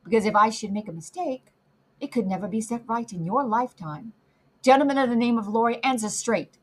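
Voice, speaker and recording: A woman voicing a gruff, suspicious male coach guard who bellows warnings. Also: on the high side, brisk, lightly acted. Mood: gruff, wary.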